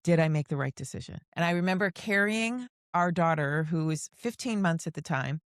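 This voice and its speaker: A woman's voice: fairly low pitch, normal speed, no room sound, clean studio sound. A middle-aged woman hosting a podcast, telling personal stories in an earnest, heartfelt way. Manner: earnest, emotional, tells long personal stories. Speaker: podcast host. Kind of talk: casual conversation, personal storytelling.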